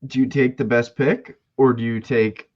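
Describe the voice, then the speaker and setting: A man's voice: mid-range voice, steady tone, normal speed, a little mellow, highs cut off. A young man co-hosting a podcast, chatting casually with laid-back, rambling asides. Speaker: podcast co-host. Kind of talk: casual chat.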